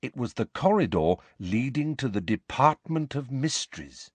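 A man narrating an audiobook in a measured, expressive storytelling manner. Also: medium pitch, slightly rough, no room sound. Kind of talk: scripted narration.

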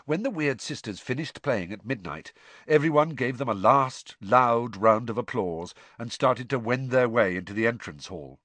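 A man narrates an audiobook in a measured storytelling voice, his pitch rising and falling expressively. The recording is dry and close, with no room sound. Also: expressive, fairly bright tone, no room sound. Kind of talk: scripted narration.

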